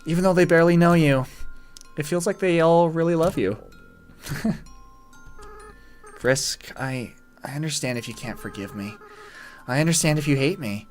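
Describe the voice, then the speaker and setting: A man's voice: on the high side, moderate pace, long pauses, close to an everyday voice. A man reading a lonely, desperate boy monster. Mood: tearful, soft. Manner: reading game dialogue aloud with feeling, voice breaking. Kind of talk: dramatic reading of game dialogue. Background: faint game music.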